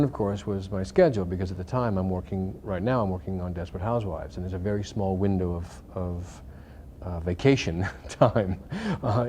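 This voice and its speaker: A man's voice: sits low, mellow, a little hiss or hum. A middle-aged man, an actor talking casually and reflectively in an interview, with many fillers and restarts. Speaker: actor interviewed about a film.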